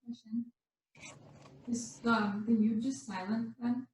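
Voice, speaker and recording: A woman's voice: a little high, fairly even intonation, slow pace, a little mellow. A woman student asking a question in class. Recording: echoey room, far from mic.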